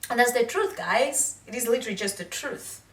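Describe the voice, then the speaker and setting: A young woman vlogging casual commentary, lively and laughing, breaking into high mimicking voices. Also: fairly quick, recorded from a distance. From England. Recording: echoey room, voice off-mic.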